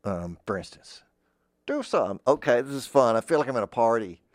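Comic man as a rambling, mock-earnest voice coach, low voice with a lively range, dry close sound. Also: fast talker, no room sound. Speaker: comic playing a voice-acting teacher. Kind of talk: improvised comedy monologue.

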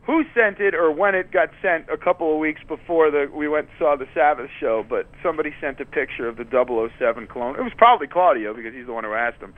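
A man's voice: on the high side, expressive, quick pace, hardly any pauses, no room sound. Man talking over a tinny phone line. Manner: rambling, many fillers and restarts. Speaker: touring musician guest. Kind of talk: casual storytelling interview.

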